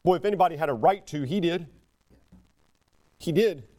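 A man preaching a sermon, emphatic and animated, often breaking off and restarting his sentences. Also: a little high, moderate pace. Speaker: pastor.

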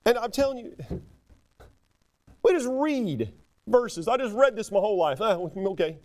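Animated pastor preaching. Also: male voice, sits high, unhurried. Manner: emphatic, animated, breaks off and restarts sentences. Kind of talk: sermon.

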